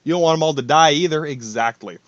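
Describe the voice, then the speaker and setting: A man's voice: on the high side, fast talker, no echo, highs cut off. A man hosting a podcast alone, rambling in a profane, stream-of-thought monologue full of asides. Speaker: podcast host.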